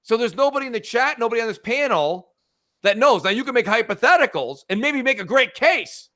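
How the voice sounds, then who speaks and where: A man co-hosting a gaming podcast, talking in an animated, rambling way. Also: very high-pitched, a little fast. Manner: animated, reads chat aloud, fills with uh. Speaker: podcast co-host. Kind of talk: casual gaming podcast chat.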